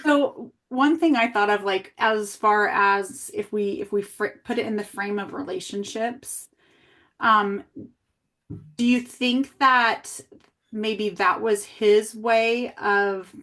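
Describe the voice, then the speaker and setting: Woman, early childhood coach, reflective and questioning, middle pitch, one-on-one coaching talk. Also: slow. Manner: reflective, asks gentle guiding questions. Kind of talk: coaching conversation.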